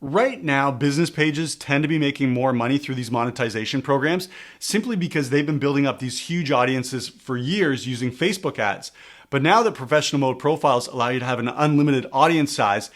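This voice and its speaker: Fast-talking emphatic man teaching. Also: medium pitch. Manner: emphatic, repeats key words for stress. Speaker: coach explaining social media marketing. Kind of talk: screen-recorded tutorial.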